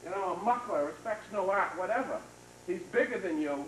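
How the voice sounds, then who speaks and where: A man's voice: high-pitched, expressive, fairly quick, a bit bright. A man teaching a karate seminar, talking casually as he demonstrates moves, coaching students with short praise. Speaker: karate instructor. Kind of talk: hands-on martial arts seminar teaching. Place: training hall. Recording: echoey hall, distant mic, noisy 1990s video.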